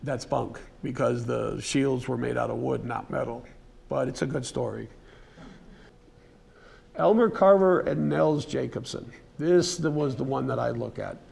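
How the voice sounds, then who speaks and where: A man with a very gravelly, rough-edged voice gives an unscripted talk at a museum. His voice is husky rather than clean, and he speaks at an ordinary middle pitch. He tells the story in a folksy, conversational way, with plenty of ums and restarts and an occasional throat-clear. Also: unhurried, darkish tone. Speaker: presenter giving a museum lecture. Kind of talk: casual unscripted lecture storytelling. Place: museum presentation room.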